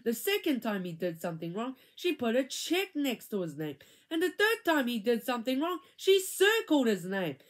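A woman reading a children's chapter book aloud, with an expressive, animated delivery. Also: on the high side, normal speed, hardly any pauses. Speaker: reader.

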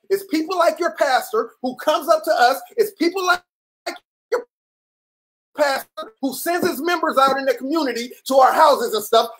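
A livestream host giving blunt, profane, combative commentary that keeps restarting and rises into near-shouts. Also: sits high, slightly rough, rough recording. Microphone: computer or phone mic on a live stream.

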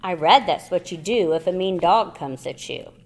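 A woman's voice: on the low side, animated, moderate pace. A woman voicing a cautious, sensible young boy who gives urgent, bossy instructions in a storybook read-aloud. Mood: earnest.

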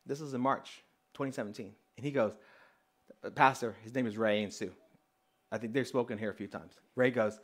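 A man preaching as a pastor, telling a personal story in an animated way and acting out the dialogue. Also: medium pitch, a little fast. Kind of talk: storytelling sermon.

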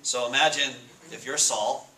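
A man giving a casual sermon to students, asking the room questions and reading scripture slowly. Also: mid-range voice, steady tone, sharp tone. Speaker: Bible study speaker. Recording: echoey room with faint noise.

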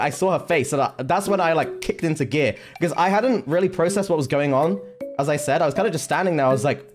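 A young man streaming, telling a story casually with lots of swearing and restarts. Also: a little high. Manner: animated, heavy swearing, lots of fillers and restarts. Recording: music playing behind.

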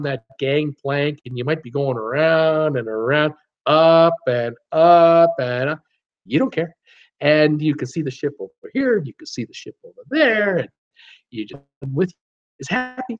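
A man's voice: medium pitch, muffled recording. A man hosting a travel vlog in a casual, enthusiastic livestream chat, reading out viewer comments. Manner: enthusiastic, repeats praise words.

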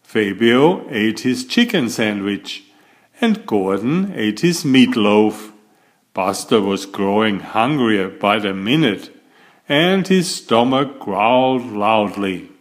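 A man reading a children's picture book aloud as a bedtime story. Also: lowish voice. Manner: slow, expressive storytelling. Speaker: storybook reader.

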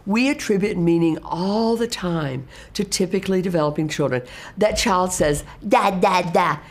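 A middle-aged woman, an assistive technology specialist, explaining teaching practice in a lively way and acting out classroom exchanges. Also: fairly low pitch, normal speed. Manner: animated, acts out classroom exchanges in exaggerated teacher voices.

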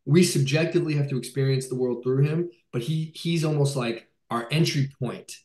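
A man's voice: mid-range voice, moderate pace, a little mellow. A male film director in a casual video-call interview, talking enthusiastically with many fillers and restarts. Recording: roomy echo.

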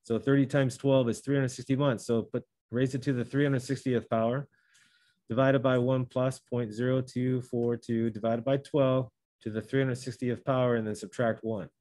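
A man teaches a class, walking through each step aloud and stopping now and then to correct himself. His voice sits at an ordinary pitch. The sound is dry and close, with little room echo. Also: level tone, normal speed, mellow. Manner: talks through steps, self-correcting. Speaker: math teacher. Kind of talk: classroom lesson.

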